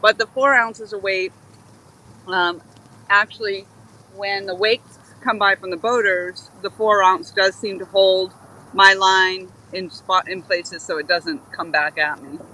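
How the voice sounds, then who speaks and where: A woman hosts a live fishing stream from a river dock, talking in a loose, rambling way. Her voice is strikingly bright and forceful. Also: medium pitch, steady tone, unhurried, slight background noise, poor audio. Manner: rambling, easygoing, laughs often. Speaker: livestream host fishing. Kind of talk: casual live-stream chat. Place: outdoors at a river boat dock.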